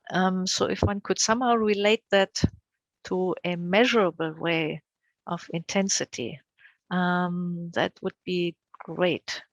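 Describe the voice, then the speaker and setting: Older woman, low gravelly voice, encouraging academic Q&A, dry close recording. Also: no room sound, poor audio. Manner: warm, encouraging, many fillers. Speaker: invited speaker answering questions.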